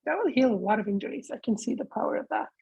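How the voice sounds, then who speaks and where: Female discussion leader, breathy and a touch high, laughs easily, dry close sound. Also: lively intonation, rapid-fire, a little mellow, no echo, muffled recording. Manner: reflective, laughs easily, calls on members by name. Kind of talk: casual group discussion.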